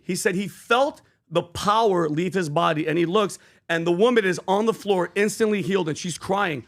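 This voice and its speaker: A man co-hosting a podcast, telling a faith story with animated, preachy conviction. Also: sits high, brisk, hardly any pauses. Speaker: podcast co-host. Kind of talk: casual podcast chat.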